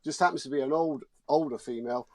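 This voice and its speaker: A man's voice: mid-range voice, quick pace, dry recording. A man, a showbiz journalist guest, arguing his point emphatically and indignantly in a studio discussion. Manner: emphatic, indignant, repeats words.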